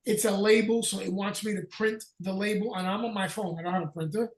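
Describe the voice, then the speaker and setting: Gravelly, profane storyteller man. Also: sits high, brisk, echoey room, distant mic. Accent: Northern US. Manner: profane, animated storyteller who acts out dialogue. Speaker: podcast host. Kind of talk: casual storytelling chat. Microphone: video call.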